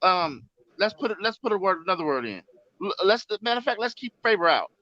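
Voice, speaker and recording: A man in a heated casual debate, reading a transcript aloud haltingly with many restarts. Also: high-pitched, sing-song, pushed and bright, no room sound. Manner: reads haltingly with restarts, apologetic. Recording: dull lo-fi stream audio.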